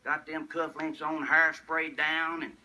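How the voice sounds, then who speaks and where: Bright, high-voiced older Southern storyteller. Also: male voice, level tone, measured pace, poor audio. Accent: Southern US, rural West Tennessee. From Tennessee, USA. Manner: tall-tale humor, chuckling at his own punchlines. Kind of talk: folksy humorous storytelling.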